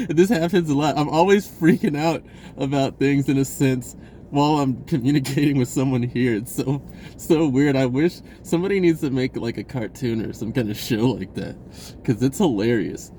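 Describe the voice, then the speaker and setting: A man tells a personal story in a casual, rambling way, laughing often and acting out the voices of the people in it. His mid-range voice is warm and at normal speed, with slight background noise.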